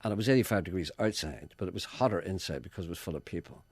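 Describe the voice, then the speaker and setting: A man's voice: deep voice, lively intonation, racing, darkish tone, slightly rough, no echo. Wry man chatting on radio. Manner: wry, storytelling, reads listener letters aloud. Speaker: radio host. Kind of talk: casual radio chat.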